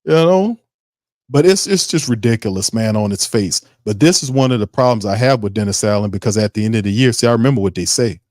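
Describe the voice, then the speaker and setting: A man's voice: on the low side, fast, a little mellow, no echo, clean studio sound. A man hosting a sports stream, ranting in heated, profane commentary. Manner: fired-up, ranting, profane, mocking impressions. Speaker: sports podcast host.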